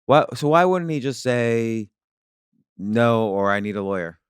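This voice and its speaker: A man hosting an interview podcast, pressing his guest with follow-up questions. His voice is smooth and clear at a mid pitch, recorded close and dry. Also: expressive, measured pace, no echo. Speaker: podcast host.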